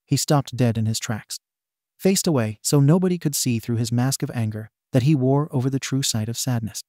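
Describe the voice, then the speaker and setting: A man narrating a fan fiction story in a steady storytelling manner. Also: mid-range voice, normal speed, no echo, studio quality.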